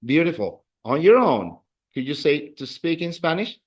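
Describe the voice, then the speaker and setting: Speaking at normal speed in a somewhat high voice, this male Spanish teacher explains rules to beginners. He leads drills with energy, using counts and handing out praise.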